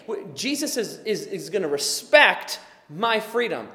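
A man preaching a sermon as pastor, impassioned and building to emphatic, forceful delivery. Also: extremely high pitch, moderate pace, in a large hall.

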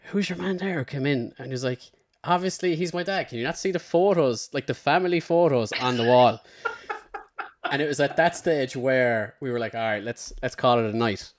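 An Irish man hosting a podcast, telling a long, rambling anecdote in a casual way and slipping into the voices of the people in his story. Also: mid-range voice. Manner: rambling storyteller, slips into character quotes. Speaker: podcast host.

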